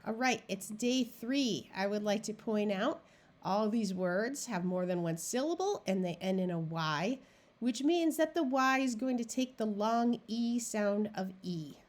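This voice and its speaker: A woman reading tutor with a medium-pitched, expressive voice gives a phonics lesson. She sounds out practice words one at a time and explains syllable rules, modeling each word slowly, deliberately and clearly.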